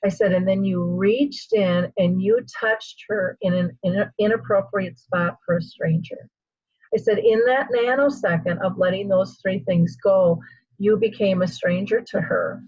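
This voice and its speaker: A woman hosts an interview and tells a story with energy, acting out the voices of the people in it. Her voice is a little husky. The recording is dry and slightly muffled. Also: mid-range voice, a little slow, no echo. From United States. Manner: animated storyteller, acts out quoted voices. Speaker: host. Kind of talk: conversational interview, telling a personal story.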